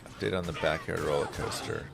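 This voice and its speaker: A man's voice: extremely low pitch, steady tone, gravelly, loud music behind the voice. A man streaming a game, chatting casually and dryly as he reads viewer messages and muses aloud. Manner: dry, unhurried, musing aloud.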